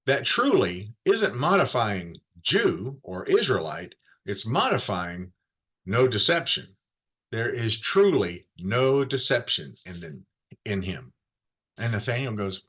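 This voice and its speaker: A man preaching in a relaxed, conversational way, his pitch swinging up and down as he tells the story and slips into the voices of the people in it. The recording sounds dull and muffled. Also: takes it slowly, breathy edge. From Florida. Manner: lively storytelling, acting out quoted voices. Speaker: pastor. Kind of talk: conversational sermon.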